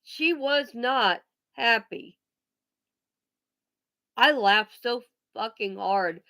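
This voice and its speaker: A vlogger with a voice on the high side and a sharp tone goes on a blunt, profane rant. She's emphatic but halting, breaking off with pauses and frequently restarting what she was saying.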